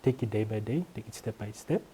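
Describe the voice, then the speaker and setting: A male ICU doctor on a panel, calmly giving advice. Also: lowish voice, quick pace, slight background noise. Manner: calm, advising. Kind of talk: panel discussion.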